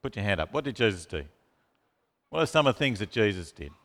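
A fast-talking man with a lowish voice preaches with animation, posing questions to the congregation and calling people out by name. The long reverb of a hall colors the recording.

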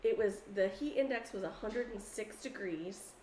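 A woman co-hosting a podcast in casual chat, an animated storyteller who swears freely. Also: medium pitch, moderate pace, roomy sound, a little hiss or hum. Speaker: podcast co-host.

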